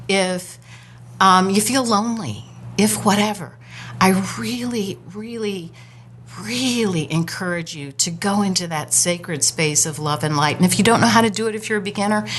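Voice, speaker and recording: Woman, casual talk, animated, spiritual, mid voice. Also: mid-range voice, slight background noise. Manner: animated storyteller, acts out quoted voices. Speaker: guest co-host.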